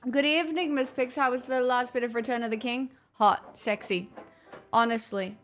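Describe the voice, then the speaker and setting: High-voiced playful young woman streamer. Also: fairly even intonation, normal speed, soft background music. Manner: playful and teasing, calls viewers "my darlings", laughs often, swears casually. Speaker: livestream host chatting with viewers. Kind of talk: casual live-stream chat.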